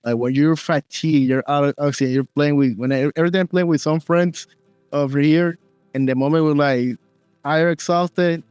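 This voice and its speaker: Higher-voiced male host, non-native phrasing. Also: a little mellow, clear, resonant tone, no echo, clean studio sound, soft background music. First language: Spanish. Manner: halting non-native phrasing with broken sentences. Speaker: interview host. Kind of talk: casual interview.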